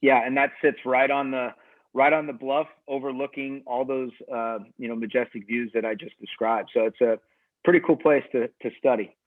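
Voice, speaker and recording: A man's voice: medium pitch, fairly even intonation, normal speed, dry recording. A man, a head tennis coach, giving easygoing, rambling interview answers with many restarts over a video call. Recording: tinny phone-like dry audio.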